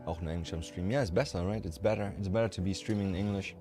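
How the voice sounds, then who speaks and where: Low-voiced German man streaming. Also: quick pace, mellow, soft background music. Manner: rambling, frank and profane. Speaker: livestreamer. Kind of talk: casual livestream chat with viewers.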